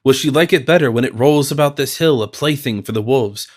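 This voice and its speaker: A man's voice: mid-range voice, a little fast, natural voice. A man voicing a taunting, vengeful warrior. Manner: taunting, menacing. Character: fierce vengeful male Huron warrior.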